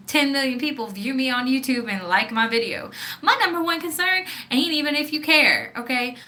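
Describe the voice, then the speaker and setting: A woman's voice: sits high, pushed and bright. A young woman with a Southern accent, talking bluntly and with plenty of profanity in a casual vlog, often asking "okay?". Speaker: vlogger.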